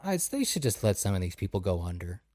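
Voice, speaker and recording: A man ranting sarcastically in casual podcast talk, swearing freely. His voice is dark and mellow. The sound is dry and close. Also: low-pitched, big pitch swings, fast talker, dry recording. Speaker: podcast co-host. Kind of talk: casual chat.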